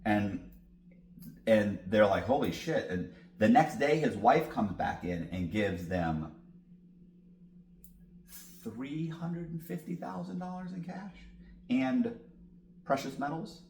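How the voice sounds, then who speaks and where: A man's voice: mid-range voice, expressive, slow, long pauses, darkish tone, echoey room, a little hiss or hum. A man guest in an interview, telling a long story with lots of cursing and acted-out dialogue. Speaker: podcast guest.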